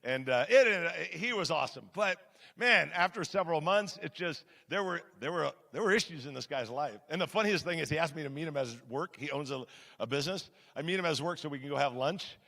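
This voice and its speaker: A male pastor tells stories from the pulpit, animated and conversational, and often turns to the congregation with questions. His voice sits a bit high, with a gravelly, bright edge. A long reverb trails each phrase through the hall. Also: brisk. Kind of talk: storytelling sermon.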